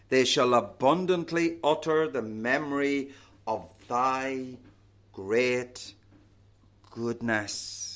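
Slow, deliberate preacher. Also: male voice, medium pitch. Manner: slow, deliberate preaching with falling phrase endings. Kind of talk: sermon.

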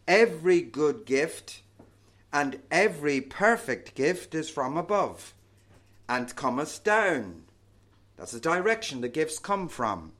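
A man preaching a sermon, reading scripture and explaining it in slow, deliberate phrases that fall away at the ends. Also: on the high side, a bit bright.

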